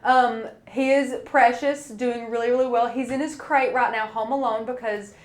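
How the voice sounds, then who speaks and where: A woman's voice: fairly high pitch, fairly even intonation, normal speed. Bubbly young woman in an echoey room. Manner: bubbly and enthusiastic. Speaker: co-host of a crafting live stream. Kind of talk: casual chat.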